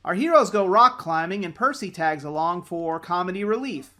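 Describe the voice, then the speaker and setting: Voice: mid-range voice, expressive, moderate pace, bright, forceful tone. A show reviewer giving casual commentary, sarcastic and prone to ranting.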